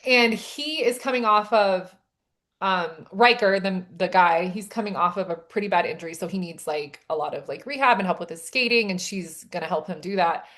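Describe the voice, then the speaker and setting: Animated woman telling a story. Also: medium pitch, normal speed. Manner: animated storytelling with frequent "like" and quoted dialogue. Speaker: podcast co-host and romance author. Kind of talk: casual chat.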